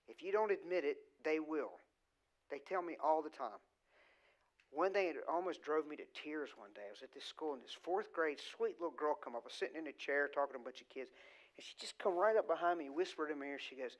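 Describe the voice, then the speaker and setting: A middle-aged man delivers a sermon in a church sanctuary. His voice sits a touch higher than most men's, and he preaches in an emphatic, conversational way, often slipping into quoted lines. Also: expressive, fairly quick, a bit bright. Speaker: guest preacher.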